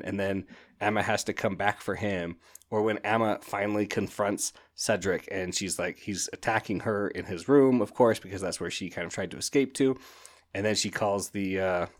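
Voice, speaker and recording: A man hosting a podcast, chatting casually and excitedly about books in a rambling way, often laughing. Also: on the low side. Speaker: podcast host. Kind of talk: casual book review chat.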